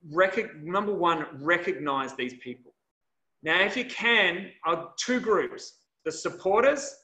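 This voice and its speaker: A man's voice: high voice, sharp tone, echoey room. A man, a health and wellness coach, giving an earnest, conversational coaching talk over a video call.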